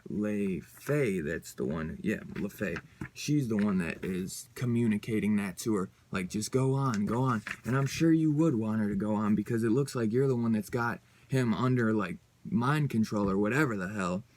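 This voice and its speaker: A man's voice: mid-range voice, a little mellow. A man giving a casual comic book review on his channel, rambling and loose, with lots of fillers and some swearing.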